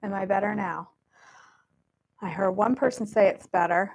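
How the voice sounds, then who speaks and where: A woman's voice: mid-range voice, moderate pace, gravelly, slightly rough. A woman hosting a casual live cooking stream from her home kitchen, chatty and self-deprecating while she fiddles with her mic, over warbly, staticky audio.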